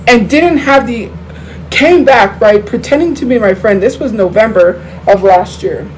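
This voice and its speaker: On a rough recording with a little hiss or hum, a livestream host speaks into a phone in a slightly high, darkish voice, a bit slowly. She addresses viewers heatedly and casually, rambling with many fillers and restarts.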